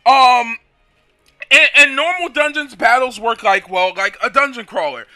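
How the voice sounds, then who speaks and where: Bright, high-voiced man rambling over gameplay. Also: animated, a little slow, soft background music. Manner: rambling, loose phrasing with lots of "kinda" and restarts. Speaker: gaming channel host. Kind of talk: casual gameplay commentary.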